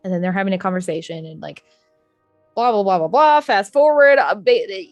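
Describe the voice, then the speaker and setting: A woman's voice: medium pitch, normal speed, no room sound, lo-fi sound, faint music behind. A young adult woman recapping a tabletop game session in a rambling, profane, casual storytelling way. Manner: rambling, profane, acts out quotes. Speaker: player recapping the last session.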